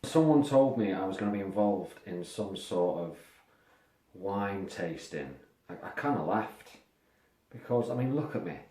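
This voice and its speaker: A man voicing a gloomy male monster who eats limbs, grumbling in a dry, deadpan way. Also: low voice, moderate pace. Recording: echoey room.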